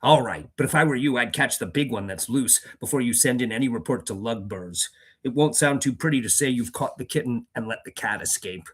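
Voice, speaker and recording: A man's voice: mid-range voice, lively intonation, a little fast, husky. A man reading aloud and voicing a mocking male orc soldier who talks in a sneering, casual way.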